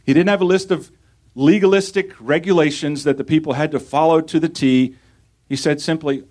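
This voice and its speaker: A man's voice: on the high side, fairly even intonation, fairly quick, darkish tone. A male pastor preaching a sermon, reading scripture aloud and putting rhetorical questions to his congregation.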